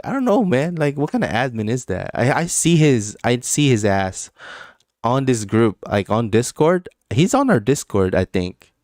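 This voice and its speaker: A low-pitched man with a smooth, resonant voice chats loosely on a live stream, laughing often and swearing freely. He's recorded close and dry, with no room sound. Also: a little mellow, dry recording. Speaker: crypto trading livestream host. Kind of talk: casual live-stream chat.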